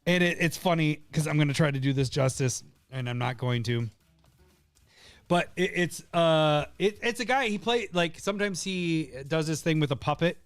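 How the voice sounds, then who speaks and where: A man's voice: on the high side, expressive, normal speed, smooth, no room sound. A man co-hosting a podcast in casual chat, who rambles, laughs a lot and swears. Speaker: podcast co-host.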